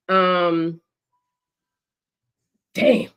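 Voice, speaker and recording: A woman co-hosting a sports podcast in casual chat, animated and profane, acting out what players said. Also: mid-range voice, moderate pace. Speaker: podcast co-host.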